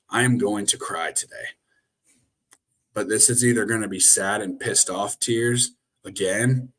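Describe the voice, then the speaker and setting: His voice sits on the low side and sounds a bit bright. A young sports show host, he chats casually on a live stream, speaking directly to his webcam and rambling through rants full of fillers and false starts.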